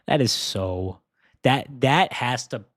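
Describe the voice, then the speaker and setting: A man's voice: medium pitch, takes it slowly, no echo, clean studio sound. Chatty young man hosting a weather stream. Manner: laughs often, excitable and chatty, addresses chat viewers. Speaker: weather livestream host. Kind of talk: casual live weather briefing.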